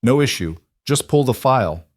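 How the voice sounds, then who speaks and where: A man's voice: mid-range voice, expressive, moderate pace, darkish tone, dry recording, clean studio sound, pitched above the performer's own voice, close to an everyday voice. A man voicing a cool female billionaire CEO who speaks in clipped, commanding lines. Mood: curt.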